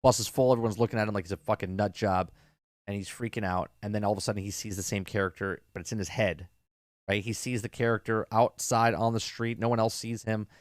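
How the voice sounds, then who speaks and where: A man's voice: on the low side, little pitch movement, fast, no room sound, studio quality. A man in his thirties casually retelling a TV episode, rambling with lots of fillers. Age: 30s. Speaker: show reviewer.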